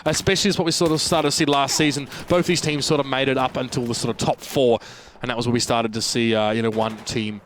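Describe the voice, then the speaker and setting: A man's voice: mid-range voice, fairly even intonation, fairly bright tone, a little hiss or hum. A man with an Australian accent giving chatty live play-by-play commentary on a competitive video game match. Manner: fast, chatty play-by-play with fillers. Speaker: esports caster.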